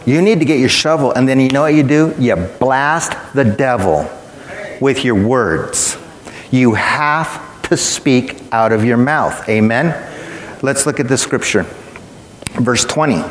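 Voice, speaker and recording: A man's voice: mid-range voice, measured pace, roomy sound, in a large hall, slight background noise. A man preaching a sermon in a church, emphatic and matter-of-fact, telling stories to make his point.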